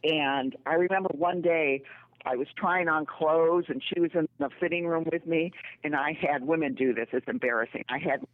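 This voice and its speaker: A woman who writes books, calling into a radio interview. She tells her stories slowly and earnestly. Her voice comes through a tinny, phone-like line. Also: low voice. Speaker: author and radio guest.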